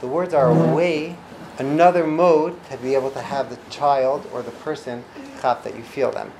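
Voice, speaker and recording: A man in the middle of his voice range teaches in a loose, conversational way. He breaks off and restarts his phrases, then leaps up in pitch to play out a reaction. The recording carries clear background noise. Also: normal speed. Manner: animated, acts out quoted reactions with big pitch jumps; frequent restarts and trailing phrases. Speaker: instructor teaching parenting and communication skills. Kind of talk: informal teaching talk.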